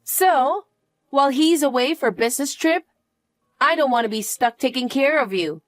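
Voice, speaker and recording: A woman's voice: high voice, animated, moderate pace, no echo. A woman voicing a scornful daughter-in-law. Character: harsh young daughter-in-law, scornful and impatient. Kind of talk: narrated family drama dialogue.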